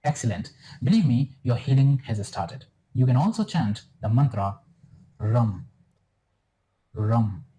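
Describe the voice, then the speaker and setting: A man narrating a scripted spiritual self-help guide in a calm, soothing, instructive way. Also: medium pitch, moderate pace, hardly any pauses, rough recording. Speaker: wellness guru in a clip.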